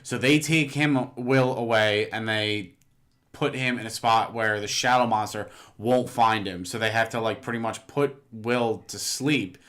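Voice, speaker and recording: A man's voice: on the low side, unhurried, a bit bright. A man co-hosting a podcast, casually recapping a show's plot and correcting his co-host. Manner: corrects and fills in plot details, lots of "like" and "uh". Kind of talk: casual chat recapping a show.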